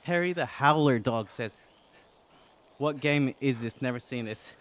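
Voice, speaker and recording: Here an Australian man rides an indoor trainer on a live stream, reading chat out loud and thanking people, his breath labored from the workout. His voice sits at medium pitch, slightly slow and a bit bright, with the highs cut off.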